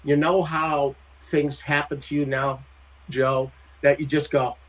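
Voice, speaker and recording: A man telling stories as a guest in a casual chat, animated and laughing often, with some salty language, heard over a tinny phone-like line. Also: on the high side, measured pace. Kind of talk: casual anecdotal storytelling.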